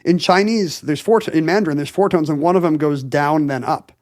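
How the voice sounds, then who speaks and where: A man's voice: a little high, fairly quick, darkish tone, dry recording, clean studio sound. A man co-hosting a podcast, explaining things in casual chat with lots of fillers and restarts. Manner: enthusiastic explainer, hedges with fillers. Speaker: podcast co-host.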